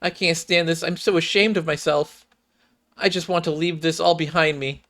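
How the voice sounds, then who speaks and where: A man's voice: on the high side, moderate pace, fairly bright tone, voice pushed up, close to an everyday voice. A man voicing a timid, tearful young female android fighter who stammers and pities herself. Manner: stammering, self-pitying.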